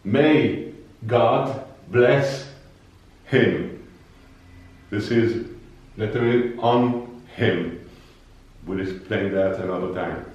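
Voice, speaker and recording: Male language teacher, unhurried and lowish, patient drills and repetitions; very echoey room, mic set far off. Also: a little mellow, dull audio. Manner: patient, repeats words slowly for learners. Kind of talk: slow explanatory lesson.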